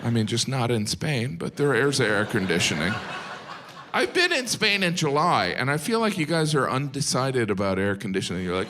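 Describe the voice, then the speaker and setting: A middle-aged American man doing a stand-up set, deadpan, slipping into silly voices for the people he quotes. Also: mid-range voice, moderate pace, slight background noise. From United States. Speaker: stand-up comedian. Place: live comedy venue with audience.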